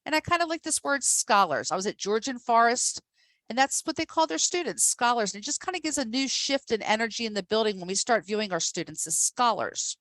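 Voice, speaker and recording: A woman's voice: a little high, expressive, fairly quick, fairly bright tone, dry recording. A woman presenting a professional development workshop to teachers, upbeat and emphatic, speaking directly to her audience.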